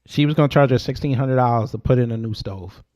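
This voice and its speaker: A man's voice: medium pitch, fast talker, highs cut off. A young man from New York, telling a story in a casual, slangy way and answering his chat as he goes. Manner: animated, slangy, talks back to chat. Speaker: host.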